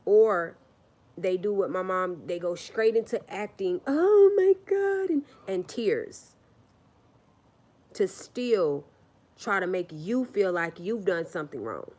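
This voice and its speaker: A lower-pitched woman talking straight to her viewers on a casual livestream. She is blunt and emphatic and swears freely. She drives each point home by repeating her phrases. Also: expressive, takes it slowly, darkish tone. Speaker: livestream host.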